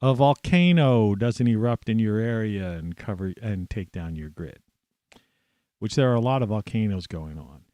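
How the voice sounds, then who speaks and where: Hoarse man rambling solo. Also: fairly low pitch, expressive, moderate pace, warm tone, no echo. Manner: rambling, with many fillers and restarts. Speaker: podcast host. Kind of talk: solo monologue.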